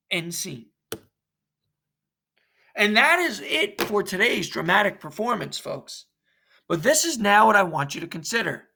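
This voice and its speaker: A history teacher explaining a lesson to his class at a slow, unhurried pace. His voice is bright and clear with a gravelly edge, and he narrates scenes and gives instructions. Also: high-pitched, very animated.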